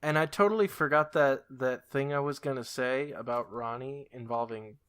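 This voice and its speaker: A man's voice: mid-range voice, moderate pace, a bit bright, clear, resonant tone, no room sound, clean studio sound. A man co-hosting a casual podcast, talking hesitantly with fillers. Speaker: podcast co-host.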